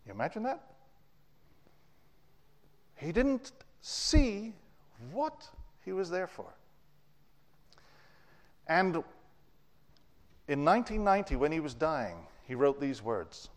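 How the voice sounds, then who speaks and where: Male preacher, slightly higher voice, lively story-driven delivery, long hall reverb. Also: slow, long pauses. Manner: storytelling, with wide swings in pitch and loudness. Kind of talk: sermon.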